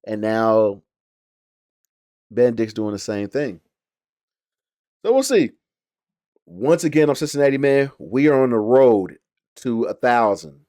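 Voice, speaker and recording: A man's voice: medium pitch, lively intonation, measured pace, long pauses, warm tone, dry recording, clean studio sound. Rambling casual man reviewing a show. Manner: rambling, with frequent fillers and restarts. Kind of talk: casual reaction talk.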